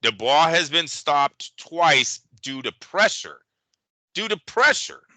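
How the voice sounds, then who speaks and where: A man's voice: on the high side, very animated, slow pace, pushed and bright, no echo. A man co-hosting a boxing talk show, chatting casually and animatedly, swearing and acting out quotes. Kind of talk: casual podcast chat.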